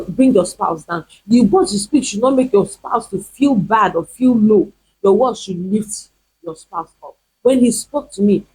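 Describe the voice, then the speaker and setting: A woman's voice: mid-range voice, dark tone, breathy edge, rough recording. A woman pastor, preaching emphatically in a teaching video, repeating her points and firing rhetorical questions. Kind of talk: sermon-style teaching video.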